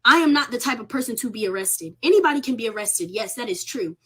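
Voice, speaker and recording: A woman's voice: a little high, expressive, fast, breathy edge. A young college student tells her arrest story casually on a livestream, shaken and close to tears, swearing freely. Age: young adult. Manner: emotional, candid, swears freely, on the verge of tears.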